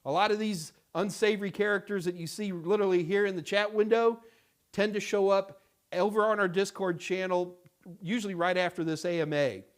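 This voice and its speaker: A middle-aged man hosting a casual live-stream Q&A, talking in a rambling, halting way with many fillers and restarts. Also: sits high, fairly even intonation, clean tone. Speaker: host answering viewer questions.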